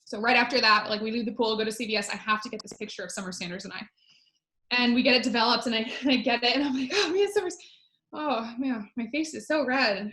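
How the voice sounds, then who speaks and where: A woman's voice: on the high side, fairly even intonation, quick pace, bright, forceful tone, echoey room. A woman in her thirties, a former Olympic swimmer, telling a personal story on a webinar in a chatty way with many fillers. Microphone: video call.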